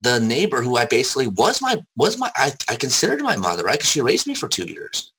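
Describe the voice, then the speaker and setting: A man telling his life story in casual conversation, candid and rambling, swearing freely, with a gravelly, husky voice. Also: medium pitch, huge pitch swings, quick pace, a bit bright, rough recording.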